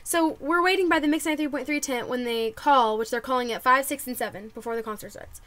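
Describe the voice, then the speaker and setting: A young woman telling a story to camera in casual vlog chat, excitable and full of "like". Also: high-pitched, fast talker. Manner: bubbly, excitable, lots of "like" and quoted reactions. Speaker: vlogger.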